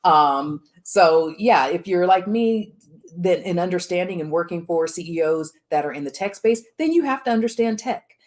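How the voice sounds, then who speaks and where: Low-voiced woman speaking frankly. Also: animated, normal speed, darkish tone. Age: middle-aged. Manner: frank and emphatic, with many fillers and restarts. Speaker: workshop speaker on the chief of staff role. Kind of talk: live workshop talk.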